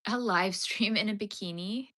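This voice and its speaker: A woman's voice: mid-range voice, normal speed, bright, forceful tone. A young woman hosting a casual crochet livestream, chatting with viewers, giggly and full of "like" fillers. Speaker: livestream host.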